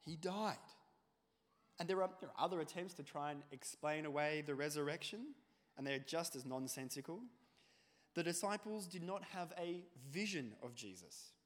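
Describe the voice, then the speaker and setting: A male preacher, delivering a sermon with animated storytelling and acted-out quotes. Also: a little high, normal speed. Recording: long hall reverb.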